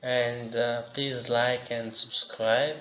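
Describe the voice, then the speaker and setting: A man teaching a language lesson, slowly saying each example word and repeating it. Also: mid-range voice, level tone, fairly bright tone. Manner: slow and deliberate, repeating example words. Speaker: language tutor. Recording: dull lo-fi sound with faint ambient noise.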